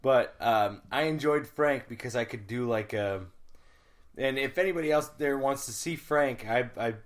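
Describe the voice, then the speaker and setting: Man, thirties, podcast co-host, casual rambling chat, swears a lot, laughs easily, clears his throat. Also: mid-range voice, normal speed. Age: 30s.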